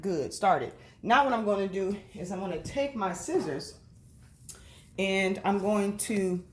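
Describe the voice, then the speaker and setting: A woman teaching a reading lesson to children, speaking slowly and sounding out each syllable. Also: mid-range voice, a little hiss or hum.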